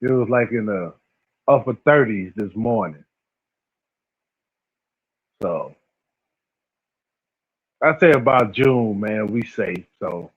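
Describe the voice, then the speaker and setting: This livestream host, a man in his forties, has a lowish voice with a breathy edge, and he talks slowly with long pauses. He keeps things slangy and easygoing while reading chat, laughing often and naming viewers. The recording has a lo-fi, phone-like sound.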